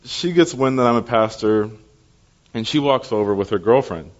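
A young man preaching as a pastor, telling personal stories in a lively way and acting out the people in them. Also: mid-range voice, moderate pace. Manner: animated storyteller, acting out voices. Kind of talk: storytelling sermon. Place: church service. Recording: dull lo-fi recording.

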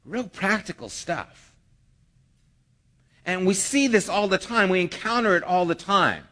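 A pastor preaches a sermon conversationally, posing rhetorical questions and acting out the people he quotes. His high-pitched voice is expressive, bright and forceful, delivered at a measured pace.

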